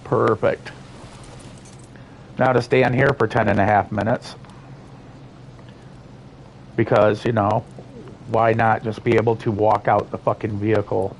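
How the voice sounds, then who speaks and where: A man's voice: fairly low pitch, level tone, unhurried, vocal fry, long pauses, slight background noise. Exasperated man swearing at a video game. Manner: frustrated, swearing, muttering at the game. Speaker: livestreamer. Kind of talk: live gameplay commentary.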